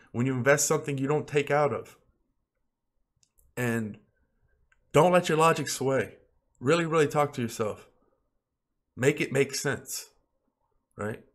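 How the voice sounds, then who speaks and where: A man vlogging about crypto trading, talking bluntly and with plenty of swearing, like a preachy pep talk that climbs in pitch as he gets worked up. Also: measured pace, long pauses. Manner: grows louder and higher when worked up. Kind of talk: unscripted vlog rant.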